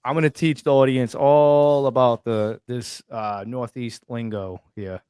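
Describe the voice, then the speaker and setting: A man's voice: medium pitch, fairly even intonation, measured pace, mellow, clear, resonant tone, no echo, studio quality. A man with a Boston accent joking and plugging sponsors in casual sports chat. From Massachusetts. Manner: teasing, plugs sponsors. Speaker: podcast co-host.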